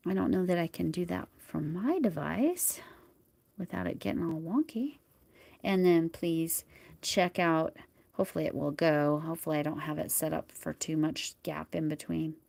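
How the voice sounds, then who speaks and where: Woman, crochet livestream host, casual chatty talk, soft murmured asides, dry close sound, low voice. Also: moderate pace, gravelly, no echo. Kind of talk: casual live chat while crocheting.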